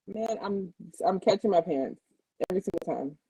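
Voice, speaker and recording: Husky young woman, lively casual chat. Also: medium pitch, normal speed, poor audio. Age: young adult. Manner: hesitant, lots of likes and ums.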